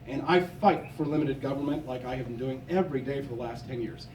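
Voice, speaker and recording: A young man from Missouri giving a forceful, combative campaign speech at a convention. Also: medium pitch, quick pace, a little hiss or hum. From Missouri, USA. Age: young adult. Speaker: political candidate. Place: convention hall. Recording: echoey hall, from a distance.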